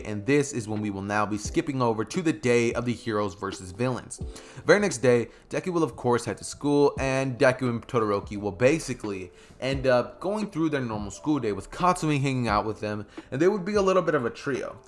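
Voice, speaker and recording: A man narrating a fan what-if story in a casual, loose, slangy way, full of fillers and asides. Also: medium pitch.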